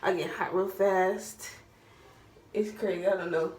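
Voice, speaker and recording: A young woman vlogger telling a casual storytime in an animated, dramatic way, full of slang. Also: lowish voice, a little slow. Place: at home, doing her hair while talking. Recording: roomy echo from a distance, faint background hum.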